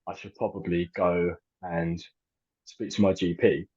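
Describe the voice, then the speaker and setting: Male guest, 30s, low-pitched, hesitant and filler-heavy; muffled lo-fi recording. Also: little pitch movement, measured pace, darkish tone, husky. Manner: hesitant, many fillers and restarts. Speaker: actor and filmmaker guest. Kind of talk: casual interview chat. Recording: dull lo-fi audio.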